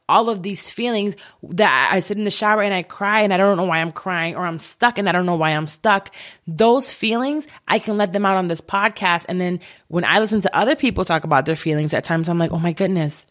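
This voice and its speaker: Alone at her home office, a woman in her thirties hosts a podcast, opening up candidly and emotionally about her struggles and swearing frankly. Her medium-pitched voice moves fairly quickly, with lively intonation and a fairly bright tone.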